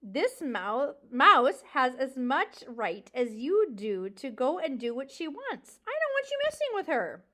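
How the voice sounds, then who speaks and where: Aerith, a gruff scornful porcupine, as a woman reads him. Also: high voice, very animated, unhurried, hardly any pauses, sharp tone, exaggerated voice. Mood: scolding. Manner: snorting, dismissive, teasing.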